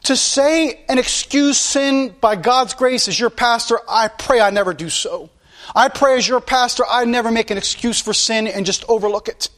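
A man's voice: very high voice, normal speed, a bit bright. A male pastor preaching a sermon in a blunt, impassioned way, repeating his points.

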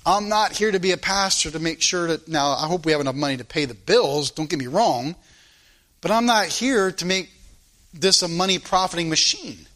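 Bright, high-voiced man preaching a sermon. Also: moderate pace. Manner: preaching with sudden swings between loud emphasis and quiet asides; informal spoken grammar, repeats phrases for emphasis. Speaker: pastor. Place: church.

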